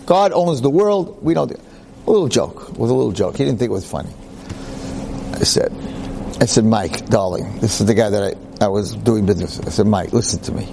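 A man's voice: medium pitch, brisk, gravelly, background noise. A man lecturing who tells a personal story conversationally and acts out the people in it. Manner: animated, acts out voices, conversational.

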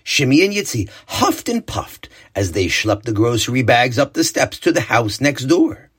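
A man narrating a children's story in an expressive, animated read-aloud way. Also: mid-range voice, moderate pace, breathy edge.

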